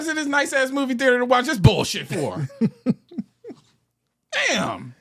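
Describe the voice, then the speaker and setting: A man's voice: very high-pitched, huge pitch swings, unhurried, pauses often, fairly bright tone. A man co-hosting a comedy podcast, talking casually and profanely, laughing often as he rants about a movie. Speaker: podcast co-host.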